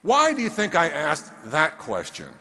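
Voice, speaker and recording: A man's voice: on the high side, huge pitch swings, a little slow, pushed and bright. A man giving an emphatic motivational stage talk, throwing rhetorical questions at the audience, heard in a large hall. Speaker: motivational speaker. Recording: long reverb of a large hall.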